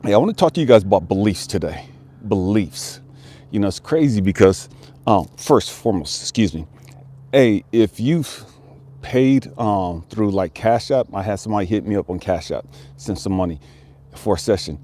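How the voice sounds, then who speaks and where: Earnest man with a lively, dark voice. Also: fairly low pitch, moderate pace. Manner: earnest, preachy cadence, repeats phrases, rising intensity. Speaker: life coach and channel host. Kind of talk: casual motivational talk to camera. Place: outdoors in nature.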